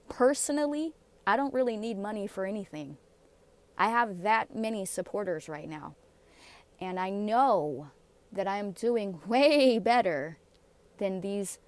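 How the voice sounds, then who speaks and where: A woman vlogger giving casual, sarcastic commentary on comments, blunt and given to laughing asides. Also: mid-range voice.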